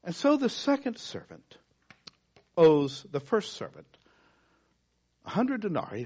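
Husky pastor with a lively, swinging delivery. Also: male voice, high voice, normal speed, pauses often. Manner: dramatic shifts from loud emphasis to hushed near-whisper. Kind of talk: sermon. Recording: dull lo-fi sound.

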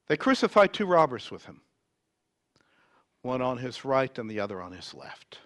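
A man preaching a sermon, reading scripture dramatically and swinging from loud emphasis to near whispers. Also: medium pitch, big pitch swings, moderate pace, no room sound.

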